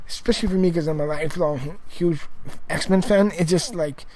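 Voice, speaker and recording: A man's voice: a little high, normal speed, crowd noise, poor audio. A man giving a casual spoken movie review, rambling and emphatic, with lots of fillers, restarts and swearing.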